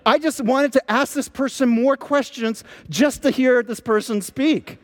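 A man preaching a sermon, telling stories with lively emphasis as a pastor. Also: very high-pitched, measured pace, in a large hall. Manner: animated storytelling preacher.

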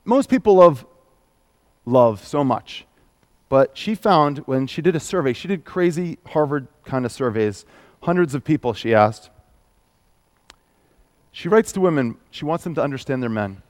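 A man's voice: on the high side, lively intonation, normal speed, pauses often, a little mellow, no room sound. A man, preaching a sermon in a conversational, self-deprecating way. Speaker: pastor.

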